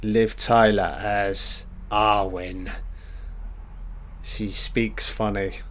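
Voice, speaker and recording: A man giving casual, excitable commentary on a film as he watches it, swearing freely and reacting aloud to each scene. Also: fairly low pitch, drawn-out words.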